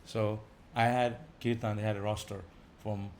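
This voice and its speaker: Visiting speaker, male, energetic informal class, light background noise. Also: lowish voice, normal speed. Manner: animated, rising loud for emphasis, chuckling.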